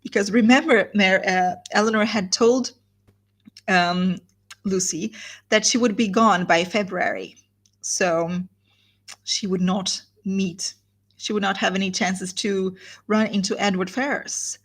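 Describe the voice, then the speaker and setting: A woman leads a live guided reading of a novel, mixing read passages with friendly explanatory asides. Her voice is slightly husky and breathy, at an ordinary middle pitch. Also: fairly even intonation, a little slow, fairly bright tone. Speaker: literature teacher.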